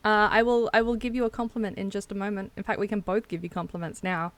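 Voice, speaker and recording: A woman's voice: medium pitch, steady tone, quick pace, dry recording. Chatty Australian woman, dry close sound. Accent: South Australian. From South Australia. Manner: chatty, laughs often, swears casually. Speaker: streamer. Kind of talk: casual stream chat.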